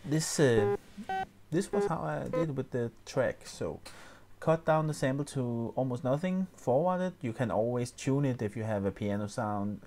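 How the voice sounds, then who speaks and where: A man explaining music software step by step, often pausing with fillers and restarting his sentences. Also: mid-range voice, animated, slight background noise. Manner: hesitant, many fillers and restarts. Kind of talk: screen-recorded tutorial.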